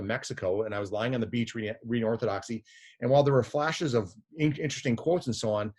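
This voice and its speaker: In a casual interview, a middle-aged physician and editor tells a story in a fairly low, slightly mellow voice. He rambles, often restarting his sentences and repeating words.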